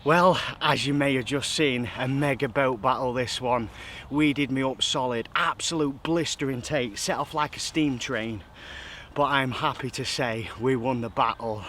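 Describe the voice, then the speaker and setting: A man's voice: medium pitch, unhurried, a bit bright, a little hiss or hum. A man, out of breath and elated, chatting to camera outdoors by a lake about his catch. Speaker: carp angler vlogger. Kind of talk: excited fishing vlog.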